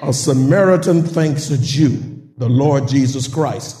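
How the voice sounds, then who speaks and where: A man preaching a sermon to a congregation, calling out to them with laughing asides and building to shouted, sing-song climaxes. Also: medium pitch, a little slow. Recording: echoey hall from a distance.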